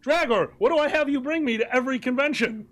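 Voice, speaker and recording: A man's voice: very high voice, fast. Laughing man telling a convention story. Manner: animated storyteller, laughs often. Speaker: streaming show host. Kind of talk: casual storytelling chat.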